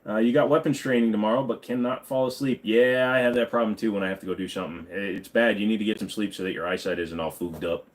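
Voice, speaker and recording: A man's voice: on the low side, fast talker, few pauses. A man hosting a casual livestream, reading viewer questions aloud and answering offhand with lots of ums and uhs.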